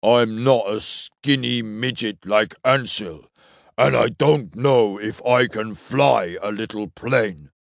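A man reading a story, voicing Kref, a big, blunt male alien who talks slowly and plainly. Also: fairly low pitch, creaky, dry recording, studio quality.

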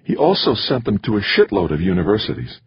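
A man reading an audiobook, voicing an excited young male grad student on a night phone call. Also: on the low side, a little fast, pitched above the performer's own voice. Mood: eager. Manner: eager, trembling with excitement.

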